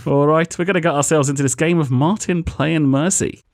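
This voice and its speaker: A man's voice: fairly high pitch, a little fast, a little mellow, no room sound. Dry, teasing man critiquing gameplay. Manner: dry, teasing critic who lectures on tactics. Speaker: co-host of a gameplay critique show. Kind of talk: casual gameplay commentary.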